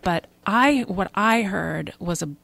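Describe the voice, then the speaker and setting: A woman talking as a guest in a casual interview, rambling in an animated way and laughing as she talks. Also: mid-range voice, slow pace, creaky, no echo.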